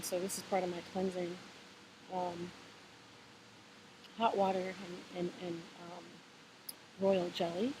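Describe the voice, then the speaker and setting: A woman giving relaxed, meandering spiritual advice in a casual vlog, talking in an encouraging way with many fillers and restarts. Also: lowish voice. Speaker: vlogger sharing spiritual advice. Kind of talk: casual reflective monologue. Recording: hissy home recording.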